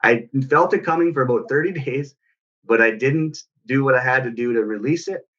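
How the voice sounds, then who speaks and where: A man's voice: medium pitch, a little fast, a bit bright, muffled recording. A man, a parenting coach, telling a personal story in an earnest, reflective way. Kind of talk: personal story in casual talk.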